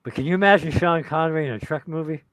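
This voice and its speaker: A man's voice: a little high, quick pace, a bit bright, no echo. Laid-back male stream guest sharing trivia. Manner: laid-back, trades trivia in short replies. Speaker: guest on a livestream. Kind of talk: casual fan chat.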